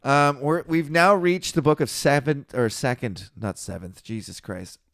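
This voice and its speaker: A man's voice: mid-range voice, measured pace, gravelly, a bit bright, no room sound, clean studio sound. A young man co-hosting a podcast, swearing and joking in casual chat while reading scripture aloud with wry asides. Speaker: podcast co-host.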